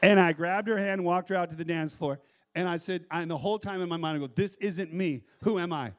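A middle-aged man preaching with animated energy, laughing as he tells his stories. His voice sits a little higher than most men's. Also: fast talker, slight background noise. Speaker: pastor. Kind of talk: sermon.

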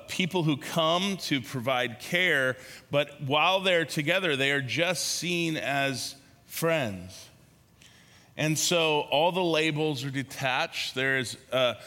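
A man preaching a sermon as a pastor, speaking in slow, pausing phrases that trail off softly at the ends. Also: mid-range voice, long reverb tail.

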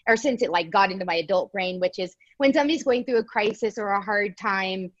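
A woman shares stories in a relaxed conversation. She jumps into little acted-out quotes and tells them with lively energy. Her audio sounds somewhat dull and lo-fi. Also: mid-range voice, brisk. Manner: animated storyteller, quotes others in voices. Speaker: guest. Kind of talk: casual chat.

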